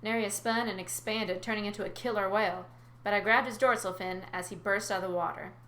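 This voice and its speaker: A woman's voice: mid-range voice, fairly even intonation, fairly quick, a bit bright. A woman reading a first-person adventure story aloud, with chatty asides to her listeners. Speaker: narrator. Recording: roomy recording.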